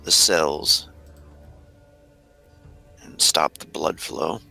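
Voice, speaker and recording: A man playing a tabletop role-playing game, describing his character's actions slowly and hesitantly. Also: rumbling low, gravelly, bright, forceful tone, faint music behind. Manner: slow, hesitant, with many fillers. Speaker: player. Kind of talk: casual tabletop play.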